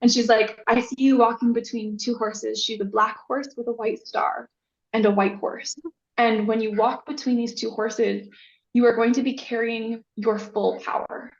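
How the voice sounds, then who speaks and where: A woman guest on a podcast telling a story in a casual, animated way, acting out the voices she quotes. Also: a little high, moderate pace. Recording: echoey, dull lo-fi sound.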